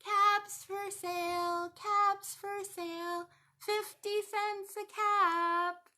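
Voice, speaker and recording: A woman voicing an angry man who peddles caps, yelling slow, drawn-out demands. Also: very high-pitched, level tone, voice pushed up, full character voice. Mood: calling out. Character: angry male cap peddler yelling at monkeys.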